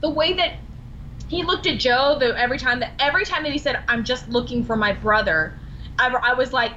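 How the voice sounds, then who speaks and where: A bubbly woman chats as a podcast guest, her voice bright and a little high, bouncing through stories where she acts out what everyone said. The recording is slightly dull with a faint hiss underneath. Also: brisk. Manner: bubbly, animated storytelling with quoted dialogue and laughs. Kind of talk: casual interview chat.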